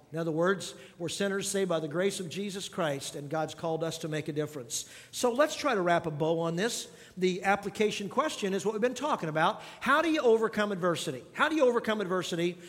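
High-voiced pastor preaching in a reverberant hall. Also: male voice. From grew up on a farm. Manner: preaching emphatically, repeating key lines and asking the congregation questions. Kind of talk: sermon. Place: church sanctuary.

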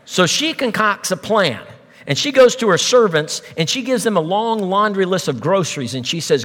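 A middle-aged pastor preaching a sermon, telling a story with humor and acted voices. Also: male voice, sits high, normal speed, in a large hall. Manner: animated storytelling with jokes and voices.

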